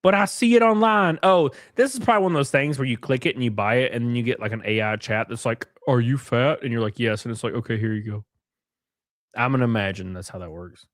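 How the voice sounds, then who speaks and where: A man's voice: mid-range voice, quick pace, no echo, studio quality. A young man hosting a casual live stream, reading viewer comments and joking crudely with frequent laughs. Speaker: livestream host.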